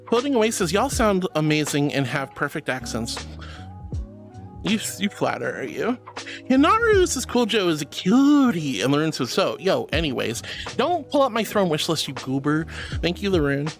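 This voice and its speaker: High-voiced affectionate male streamer. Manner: affectionate, calls viewers honey and darling; bursts into excited high squeals. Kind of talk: livestream chat reading.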